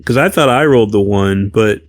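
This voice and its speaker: A man's voice: on the low side, brisk, no echo, clean studio sound. A man playing a tabletop game, speaking apologetically and trailing off. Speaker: player. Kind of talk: casual play chat.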